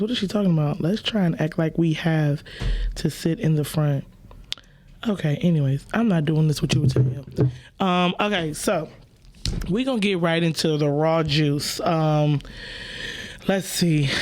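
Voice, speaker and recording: A woman, hosting a podcast and telling stories in a loose, profane, playful way. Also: sits low. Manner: animated storytelling, profane, playful. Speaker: podcast host. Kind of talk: casual chat.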